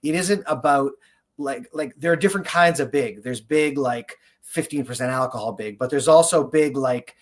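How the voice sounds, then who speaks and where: A man's voice: medium pitch, normal speed. A man, a winemaker, talking enthusiastically and rambling in a casual interview, with many fillers. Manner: enthusiastic, rambling, heavy use of "like". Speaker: winemaker guest.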